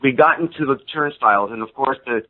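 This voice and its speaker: A man's voice: medium pitch, a little fast. A man in his fifties, a podcast guest, telling a story casually and acting out the people he quotes with shifts in his voice. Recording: tinny phone-line sound.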